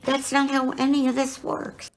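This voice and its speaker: A man putting on a high, gravelly, exasperated voice for a quoted line, in faint noisy clip audio. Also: completely flat delivery, moderate pace.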